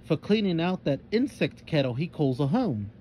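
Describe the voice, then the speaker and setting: A man voicing a rough, tough, boastful girl who talks in brash slang. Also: fairly high pitch, very animated, moderate pace, dark tone, slight background noise, voice pushed up. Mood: indignant.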